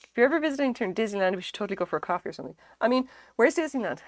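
A woman's voice: on the high side, very animated, very fast, dry recording. A woman chatting casually on a live stream, rambling and self-deprecating, swearing freely as she talks. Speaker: livestreamer. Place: home craft stream setup.

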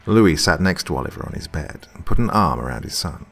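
A man narrating a scary story in a slow, brooding way. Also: very deep voice, lively intonation, vocal fry, a bit bright, husky, faint music behind. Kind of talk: scripted narration.

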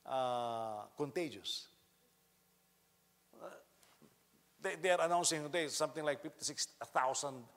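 A man preaching a sermon as pastor, animated, acting out quotes loudly and swinging from quiet to shouting. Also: on the high side. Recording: long reverb of a hall.

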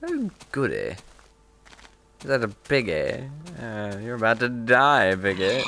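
A man giving relaxed, playful commentary on his own gameplay, chatting to himself as he goes. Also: medium pitch, slow pace, pauses often, slight background noise. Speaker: gaming video host.

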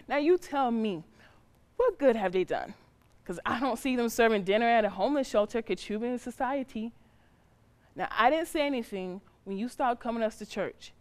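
A firm, loving mother lays down the law to her teenage son, played by a woman. Her voice sits a bit high and her speech is plain and colloquial. She moves between scolding and pleading in a dramatic scene. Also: animated, moderate pace, natural voice. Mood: stern scolding. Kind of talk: drama acting.

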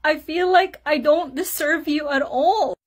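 A woman's voice: sits high, a little slow, voice pushed up. A woman voicing a fretful, doting old husband who gushes and pleads with sugary sweetness. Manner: gushing, pleading, overly sweet.

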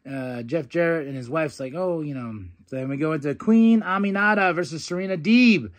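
Young man, slightly high voice, casual podcast recap, animated, playful wrestler impressions. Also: moderate pace. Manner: animated, quotes wrestlers in excited put-on voices, laughs often. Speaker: podcast host.

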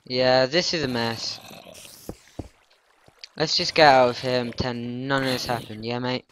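Give me a slow-talking, jumpy man narrating gameplay. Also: mid-range voice, fairly even intonation, a bit bright, a little hiss or hum. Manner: jumpy, panicky, talks back at game monsters. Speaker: gaming channel host. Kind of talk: casual gameplay commentary.

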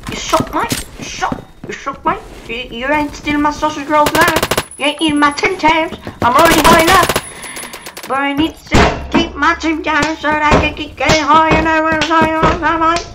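A woman's voice: high voice, steady tone, a little fast, heavy background noise, pitched above the performer's own voice, natural voice. A woman voicing a gloating, mocking gamer who taunts other players. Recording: loud gunfire game audio behind.

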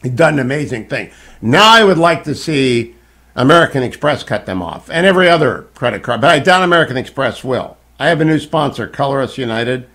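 This is a man in his sixties hosting a talk radio show. He sits at a mid-range pitch and delivers an opinionated monologue with plenty of emphasis, tripping over a word now and then. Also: animated, a little fast, a bit bright. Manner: emphatic, opinionated, occasional stumbles.

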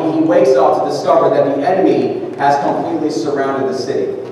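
A man preaching a conversational sermon, reading scripture slowly. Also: fairly high pitch, steady tone, a little mellow, slight background noise. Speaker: pastor. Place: large church sanctuary. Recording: echoey church hall from far off.

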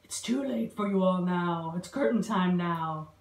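A woman voicing a big, sly male spider villain who speaks low, soft and menacing. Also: unhurried, close to an everyday voice. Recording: roomy echo.

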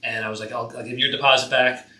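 A man rattles through a work story in a casual chat, exasperated as he quotes himself and his client. His voice is very bright and sharp, and he talks fast. The room adds a noticeable echo. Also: medium pitch, fairly even intonation. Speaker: tattoo artist, podcast guest.

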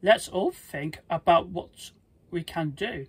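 Practical Pig, as a reader puts him on, husky and calm. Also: medium pitch, heavily acted. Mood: helpful. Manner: slow, plain storybook reading with restarts. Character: sensible male pig, problem solver.

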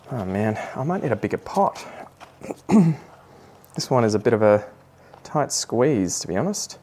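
A man with an Australian accent walks viewers through repotting a plant, casual and self-deprecating, tossing in joking asides. His voice is fairly low and a little mellow, with slight background noise.

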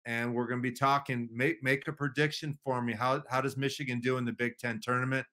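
Man, podcast co-host, measured analysis, casual chat, mid pitch, bright tone. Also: flat delivery.

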